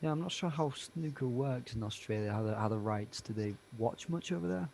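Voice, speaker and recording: A man's voice: medium pitch, animated, a little fast, vocal fry, a little mellow, a little hiss or hum. A man co-hosting a live sports watch-along, bantering casually with wry jokes. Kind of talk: casual live commentary chat.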